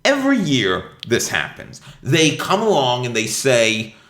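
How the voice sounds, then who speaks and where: A man's voice: mid-range voice, measured pace. A man hosting a podcast, telling a comic story about fighting with his cable company. He swears a lot and acts out both sides of the phone calls. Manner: animated ranting, swearing, mimicking phone reps. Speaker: podcast host. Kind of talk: casual comedic storytelling. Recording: echoey room.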